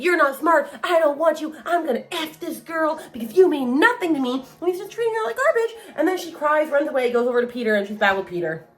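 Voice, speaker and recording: A young woman vlogging about her reading, exasperated and animated as she mocks lines from a book. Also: medium pitch. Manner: exasperated, animated, mocking quotes. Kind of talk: casual reading vlog rant. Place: home hallway.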